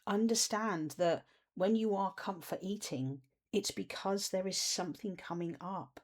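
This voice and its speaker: A woman's voice: medium pitch, measured pace, a little mellow. A woman, an inner-child coach, talking earnestly and encouragingly to her viewers. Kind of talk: self-help video talk to camera.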